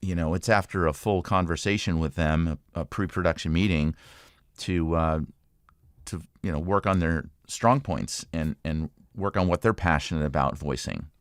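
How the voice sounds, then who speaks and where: A man being interviewed as a guest, answering in a friendly, relaxed way. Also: low voice, normal speed, clean tone, no echo, clean studio sound. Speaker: guest voice actor.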